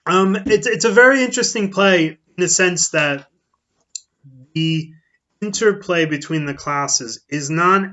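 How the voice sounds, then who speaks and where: A man's voice: a little high, pushed and bright. A man giving a casual spoken book review, rambling and thinking aloud in a conversational way. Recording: dull lo-fi recording.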